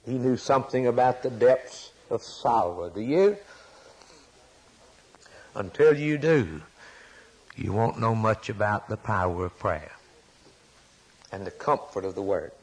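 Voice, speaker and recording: Male preacher, impassioned sermon delivery, slow with a husky edge. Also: fairly low pitch, animated, low-quality recording. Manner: impassioned, rising to sudden loud peaks.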